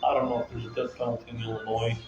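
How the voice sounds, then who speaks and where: A man's voice: medium pitch, level tone, rapid-fire, music in the background. A man talking casually to viewers in a rambling, repetitive rant, circling back to the same phrases. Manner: agitated, ranting. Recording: echoey, muffled, with loud room ambience.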